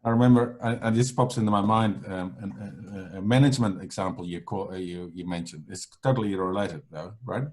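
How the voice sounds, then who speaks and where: A male interviewer with a very low, deep voice. He poses his questions haltingly, restarting words and filling gaps with ums before he settles on a thought. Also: steady tone, a little mellow. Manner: hesitant, with stumbling restarts. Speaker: interviewer host. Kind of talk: conversational interview.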